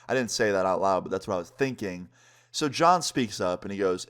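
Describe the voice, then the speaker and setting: A young man vlogger telling a story in an animated, slangy way, swearing often. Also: fairly low pitch, normal speed. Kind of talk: casual storytime.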